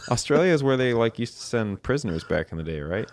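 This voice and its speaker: A man's voice: medium pitch, expressive, brisk. An American man hosting a podcast over a video call, chatting loosely and laughing often. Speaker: podcast host. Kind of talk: casual chat. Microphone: remote video call.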